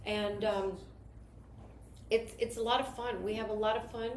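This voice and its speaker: A woman's voice: a little high, steady tone, normal speed. A woman leading a network marketing team, telling stories in an enthusiastic, rambling motivational talk. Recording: roomy echo with faint noise.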